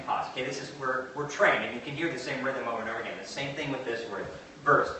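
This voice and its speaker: A man preaching a sermon, moving from quiet asides to slow, emphatic declarations and questioning his congregation. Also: medium pitch. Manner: asks the congregation questions and answers back. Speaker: pastor. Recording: echoey hall from far off, faint noise.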